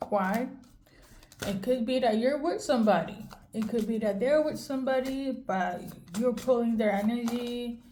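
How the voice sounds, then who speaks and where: A woman's voice: a little high, normal speed, mellow, a little hiss or hum. A woman giving a casual tarot reading straight to the viewer, chatty and candid, checking in with "okay?" as she goes. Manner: chatty, addresses viewer directly, frequent "okay?" check-ins; conversational and candid, occasional swearing. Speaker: tarot card reader. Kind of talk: casual intuitive card reading to camera.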